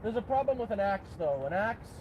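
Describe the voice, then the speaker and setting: A man's voice: high-pitched, sing-song, brisk, highs cut off, a little hiss or hum. Canadian man rambling on a rainy camp livestream. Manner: rambling and self-mocking, with playful "eh" and "bud". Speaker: livestream host. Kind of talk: casual outdoor livestream chat. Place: outdoors at a rainy campsite.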